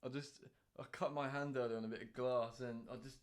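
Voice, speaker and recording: A man's voice: medium pitch, steady tone, fairly quick. Rambling man telling an anecdote. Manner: rambling, with many fillers and asides. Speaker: podcast co-host. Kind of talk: casual chat.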